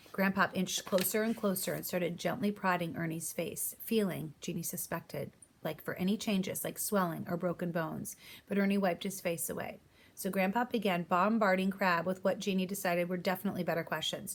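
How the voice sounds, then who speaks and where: A woman's voice: lowish voice, steady tone, normal speed, gravelly. A woman reading a children's novel aloud, narrating and giving voice to each character. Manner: reads aloud, voicing each character's lines. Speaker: audiobook reader. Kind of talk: storybook narration.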